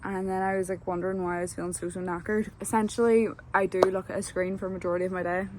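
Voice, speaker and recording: A woman's voice: lowish voice, level tone, fast talker, a little mellow, a little hiss or hum. A young woman, telling a casual, rambling vlog story full of fillers. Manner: chatty, rambling, lots of fillers. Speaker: vlogger.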